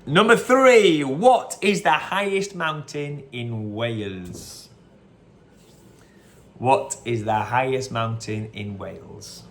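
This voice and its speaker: A man's voice: mid-range voice, animated, slow, fairly bright tone, slight background noise. Chatty man hosting a quiz. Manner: chatty, repeats each question, wanders into anecdotes. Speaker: quiz host. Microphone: phone.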